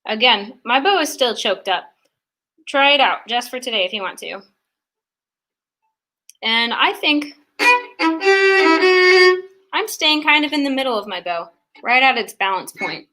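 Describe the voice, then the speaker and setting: Young woman, fiddle teacher, clear bright voice, patient step-by-step explainer, faint fiddle in the background. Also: a little high, lively intonation, unhurried, pauses often, faint music behind. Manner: friendly step-by-step teaching, counting beats aloud. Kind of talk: online music lesson. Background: fiddle playing.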